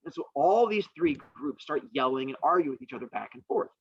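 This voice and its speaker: Male teacher, animated storyteller, lively swinging pitch, husky tone. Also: fairly quick, highs cut off. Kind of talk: classroom storytelling lesson.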